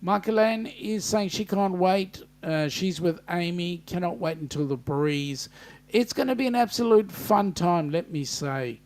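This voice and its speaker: A man's voice: sits high, a little slow, a little mellow. An Australian man hosting a casual live-stream chat, reading out viewer comments and bantering with them, with frequent ums and restarts. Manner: hesitant, many ums and restarts.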